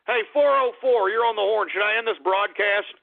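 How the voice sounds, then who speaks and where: Male call-in radio host, ranting, high and gravelly, tinny lo-fi sound. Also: fairly quick. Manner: ranting, exasperated, stammering and swearing. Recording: phone-like lo-fi radio audio.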